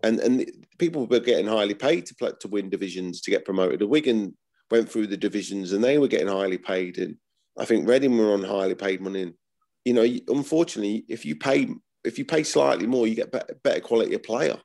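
A man's voice: lowish voice, quick pace, gravelly, darkish tone. A man, talking bluntly as an interview guest, swearing and repeating himself. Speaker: former footballer, guest. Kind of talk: casual interview.

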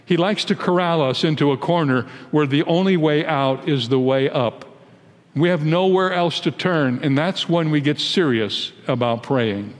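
An American man in his eighties, a pastor giving an emphatic, deliberate sermon in a large church. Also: a little high, in a large hall. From United States. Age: 80s. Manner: emphatic, deliberate preaching that rises into pleading when quoting prayers.

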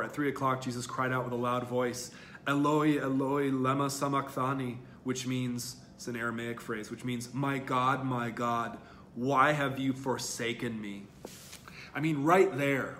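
A man's voice: mid-range voice, a bit bright, a little hiss or hum. A male college lecturer giving an online lecture in a conversational way, thinking aloud with fillers and restarts.

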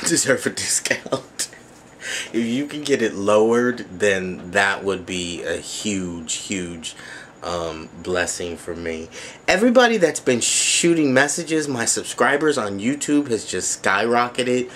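A man's voice: on the low side, fairly bright tone, slight background noise. A man vlogging casually at home, chatty and gushing with thanks, with lots of fillers. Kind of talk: casual thank-you vlog. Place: at home, sitting.

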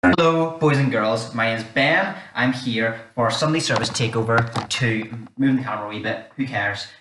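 In a dark church hall, a man with a mid-range voice runs a children's game at a moderate pace, chatting and giving instructions while repeating "wee." The room echoes, the mic is far away, and there's background noise.

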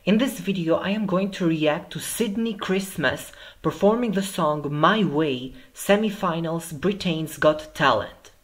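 A man's voice: on the high side, unhurried, hardly any pauses. A man hosting a reaction video, talking in effusive, exclamatory bursts of praise. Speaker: YouTube reaction host.

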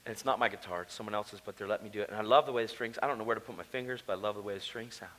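A man preaching his personal testimony at a conference. He swings from hushed storytelling to loud, emotional shouting. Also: fairly low pitch, racing, poor audio.

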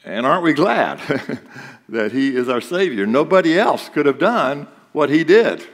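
A man's voice: fairly high pitch, big pitch swings, measured pace, big-room sound. A male pastor giving a sermon, talking conversationally and asking the congregation rhetorical questions. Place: church sanctuary.

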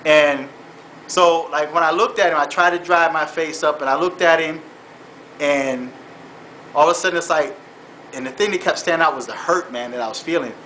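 A man with a fairly high, forceful voice tells his story in an earnest, halting way, often repeating words and saying "man". It is a personal vlog that shifts toward faith-based exhortation. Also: slight background noise, low-quality recording. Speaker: vlogger.

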